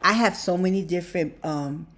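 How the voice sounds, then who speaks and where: A woman vlogger with a low, slightly bright voice speaks at a moderate pace. Talking straight to viewers as "you guys," she rambles through a personal, emotional vlog, repeating herself and laughing mid-sentence.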